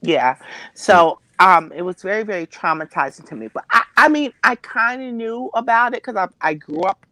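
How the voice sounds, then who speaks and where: A woman's voice: mid-range voice, animated, normal speed, pushed and bright, dry recording, low-quality recording. A woman telling a personal family story as a talk show guest, hesitating and repeating herself with many fillers. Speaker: interview guest.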